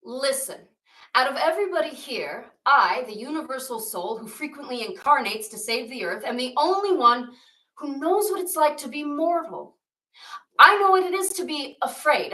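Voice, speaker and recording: A woman doing an excited god, bright and insistent. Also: high voice, normal speed, echoey room, distant mic, low-quality recording. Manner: eager, insistent, earnest. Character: excited, self-assured male Hindu god.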